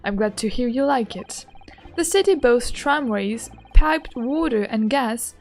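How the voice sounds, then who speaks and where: A woman voicing a stately British male chief justice with a slow, measured, put-on British accent, as she plays a game on stream. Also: fairly high pitch, expressive, a little mellow. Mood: proud.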